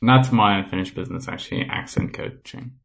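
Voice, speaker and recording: A man's voice: lowish voice, fast, vocal fry. A man co-hosting a podcast, chatting casually in a dry, teasing way. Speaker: podcast co-host. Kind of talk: casual chat.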